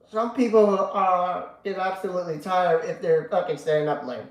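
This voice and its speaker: A man's voice: high voice, moderate pace, hardly any pauses, echoey room, highs cut off. A sleepy man hosting a casual live stream, reading chat aloud and rambling with lots of fillers and casual swearing. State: sleepy, yawning. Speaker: livestream host reading chat.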